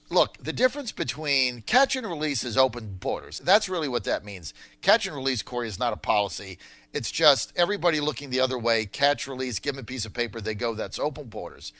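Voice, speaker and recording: Male talk radio host, emphatic and punchy, bright forceful tone, dry close studio sound. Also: medium pitch, no echo. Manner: emphatic, punchy promotional delivery.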